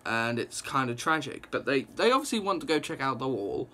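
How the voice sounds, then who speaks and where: A young man recapping a comic book issue in a casual, excited ramble, full of "like" and quick reactions. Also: mid-range voice.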